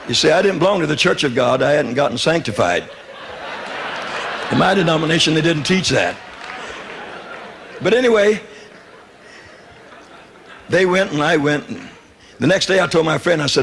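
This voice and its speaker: A man's voice: a little high, expressive, moderate pace, creaky, long pauses, a bit bright, slight background noise. A man from the South, preaching his testimony in a folksy, humorous way and acting out dialogue. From Southern United States. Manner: folksy, humorous, wry storytelling with quoted dialogue. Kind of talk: sermon testimony storytelling.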